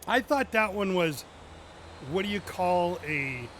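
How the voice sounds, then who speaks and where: A male streamer talks casually over his gameplay in a voice a little higher than most men's. He cracks corny jokes and chuckles at them, with faint game sounds running underneath. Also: lively intonation, slow pace, background noise. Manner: joking, chuckles at his own puns. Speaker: gaming streamer. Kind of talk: casual live gameplay chat.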